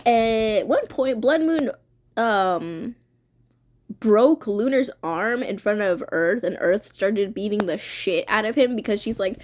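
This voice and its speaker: A woman's voice: medium pitch, slow pace, a little mellow. A woman streamer casually retelling a story, rambling and swearing with lots of fillers.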